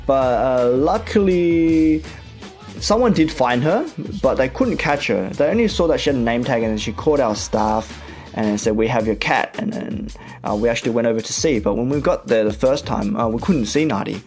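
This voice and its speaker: A young Australian man with an Australian accent hosts a radio show, talking in a chatty, relaxed way and sprinkling in fillers as he goes. His voice sits at an ordinary middle pitch. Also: moderate pace, faint music behind. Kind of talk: casual radio chat.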